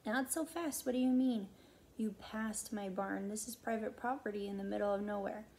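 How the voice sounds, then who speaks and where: A woman voicing a gruff, suspicious one-legged farm woman who questions a boy in blunt, teasing bursts. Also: medium pitch, normal speed, darkish tone, slight background noise, close to an everyday voice, poor audio.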